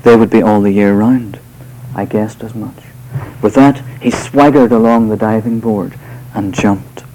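A man giving a live poetry reading to an audience, delivering verse in a measured, unhurried way with hesitant spoken asides between poems. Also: lowish voice, fairly even intonation, warm tone, a little hiss or hum, rough recording. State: voice slightly off tonight.

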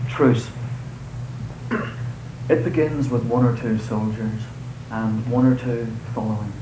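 A man giving a live poetry reading to an audience, delivering verse in a measured, unhurried way with hesitant spoken asides between poems. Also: medium pitch, noisy background. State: voice slightly off tonight.

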